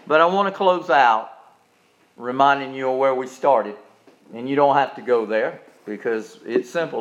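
A male pastor preaching a sermon, swinging from soft, low passages up to loud, high-pitched climaxes. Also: moderate pace. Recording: dull lo-fi recording.

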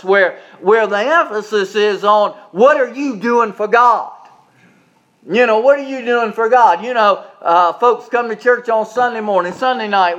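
A pastor preaching a sermon, building emphasis through repeated phrases and dropping into quiet asides to the congregation. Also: male voice, high voice, lo-fi sound.

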